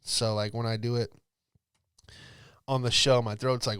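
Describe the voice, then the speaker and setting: A young man hosting a comedy podcast, telling rambling jokey stories and slipping into quick impressions of people. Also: mid-range voice, little pitch movement, a bit bright, clean tone, no echo, studio quality. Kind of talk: comedic storytelling monologue.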